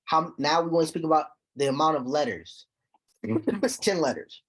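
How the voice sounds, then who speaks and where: A man teaching a recitation class, explaining terms slowly and checking on his students with repeated "okay?". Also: a little high, lively intonation, fairly bright tone, slightly rough. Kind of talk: classroom lesson.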